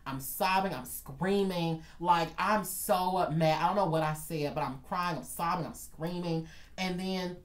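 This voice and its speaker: A man telling a dramatic storytime vlog in an animated way, talking straight to his viewers. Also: high voice, measured pace, roomy sound. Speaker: vlogger.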